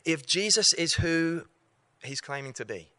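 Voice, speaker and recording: A man's voice: fairly high pitch, expressive, measured pace, bright, forceful tone, clear, resonant tone, no room sound. A man giving an evangelistic talk to students, earnest and repeating key lines for emphasis. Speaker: campus preacher.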